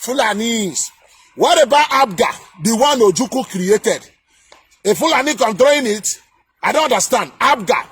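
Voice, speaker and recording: High husky man ranting. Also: expressive, moderate pace, dry recording. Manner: shouting, scolding, repeats himself. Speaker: political commentator. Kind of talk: angry political rant.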